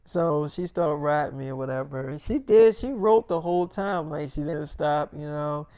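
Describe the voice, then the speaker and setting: A man's voice: a little high, moderate pace, a little mellow, clear, resonant tone, dry recording. A man telling a long casual story to the camera, rambling and repeating himself with lots of "you know". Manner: loose, repetitive, full of "you know". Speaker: vlogger.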